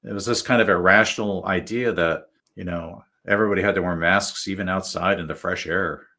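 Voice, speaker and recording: A man's voice: sits low, fairly even intonation, brisk, pushed and bright. A male guest telling stories in a casual, rambling way, full of fillers and restarts. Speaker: guest author. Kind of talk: casual storytelling.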